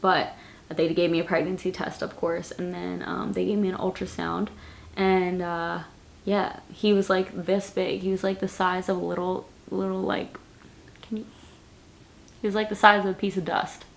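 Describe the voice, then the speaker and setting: A woman's voice: on the low side, level tone, moderate pace, vocal fry, a little hiss or hum. A woman in her late twenties, chatting casually in a Q&A vlog, rambling and repeating words, with lots of "like" as she answers viewers. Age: late 20s. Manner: answers viewer questions straight to camera. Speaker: vlogger.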